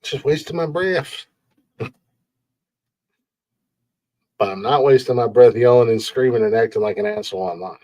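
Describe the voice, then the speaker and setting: A man's voice: mid-range voice, normal speed, long pauses, a little mellow. Rambling, profane man ranting. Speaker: podcast host. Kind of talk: rambling podcast rant.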